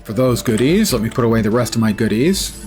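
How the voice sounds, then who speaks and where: A man's voice: mid-range voice, animated, quick pace, darkish tone, faint music behind. A man giving casual, wry commentary while streaming a video game, with self-mocking asides.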